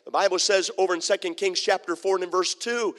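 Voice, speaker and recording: In a church sanctuary with a long reverb tail, a man with a high voice talks fast as he preaches a sermon. The pastor tells humorous stories animatedly, acting out the people in them.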